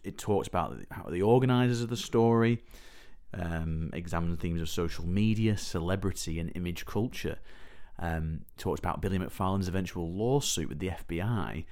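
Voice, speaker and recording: A man, a film enthusiast guest on a podcast, summing things up in a relaxed, plain way. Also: low-pitched, normal speed. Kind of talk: casual chat.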